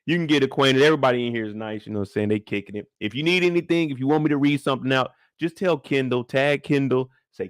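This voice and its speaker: A man's voice: mid-range voice, fast, no room sound, studio quality. A man in his thirties hosting a live stream, chatting loosely in slang and greeting viewers by name. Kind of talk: casual live-stream review chat.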